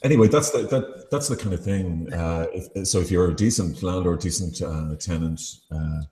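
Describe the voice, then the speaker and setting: A low, dark-toned Irish man hosts a late-night studio chat, stumbling through fillers and restarts. His voice rings in a roomy space. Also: moderate pace. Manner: hesitant, many fillers and restarts. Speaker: chat show host.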